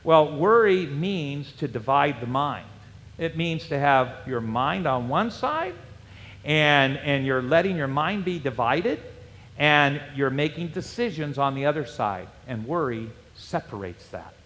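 A male pastor preaching a sermon, animated and storytelling, with rhetorical questions to the congregation. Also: a little high, a little slow. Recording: long hall reverb.

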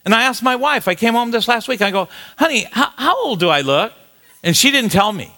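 A man's voice: very high voice, very animated, a little fast, pushed and bright. A man in his late sixties preaching a sermon, telling a funny personal story with lots of stumbles and repeated words. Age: 60s. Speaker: pastor.

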